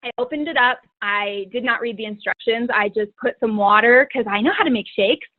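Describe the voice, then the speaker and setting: A woman's voice: fairly high pitch, a little fast, no echo. A woman speaking as a guest fitness coach, telling her story in a chatty way with lots of "like" fillers. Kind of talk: personal testimony talk. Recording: tinny phone-line sound, dry.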